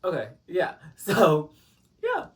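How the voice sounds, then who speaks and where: A man's voice: on the high side, wildly swooping pitch, takes it slowly, fairly bright tone, far from the mic. A man telling a storytime vlog, rambling with lots of fillers and dramatic asides to his viewers. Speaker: storytime vlogger. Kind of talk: casual storytime chat.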